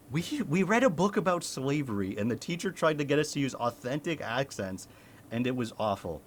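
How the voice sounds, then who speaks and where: A man's voice: medium pitch, lively intonation, normal speed, slight background noise. A young man from the United States, a streamer chatting casually with his chat, laughing often and swearing.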